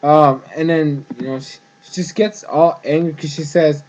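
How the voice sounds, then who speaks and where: A man giving a casual, rambling review of a cartoon episode, full of fillers and quick acted-out lines. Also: a little high, lo-fi sound. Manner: rambling, excitable, heavy use of "like" and "freaking"; acts out the characters' lines in quick bursts.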